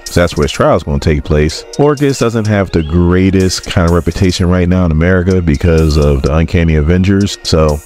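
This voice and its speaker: Deep-voiced sarcastic recap host. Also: male voice, fairly quick, hardly any pauses, darkish tone, faint music behind. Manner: sarcastic, mocking. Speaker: comic book recap host. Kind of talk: casual comic recap.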